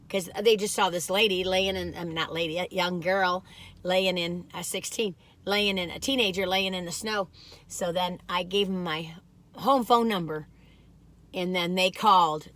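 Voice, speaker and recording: A woman in her sixties chats into the camera in a loose, wandering way, circling back with ums and restarts as she goes. Her voice has a bright, forward tone. She pokes fun at herself in little asides between her food ratings. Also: fairly low pitch. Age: 60s. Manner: chatty, wandering, lots of fillers and restarts; self-deprecating, joking asides. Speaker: food review vlogger. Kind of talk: rambling casual storytelling.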